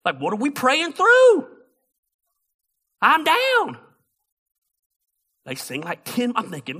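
Lively, bright-voiced male pastor. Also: very high-pitched, slow pace, pauses often, husky. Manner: animated, humorous storyteller. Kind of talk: sermon storytelling.

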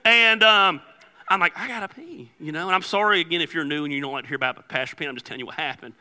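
Animated pastor in a reverberant hall. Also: male voice, fairly high pitch, very fast. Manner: joking storyteller, animated with sudden loud outbursts. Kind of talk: sermon. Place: church sanctuary.

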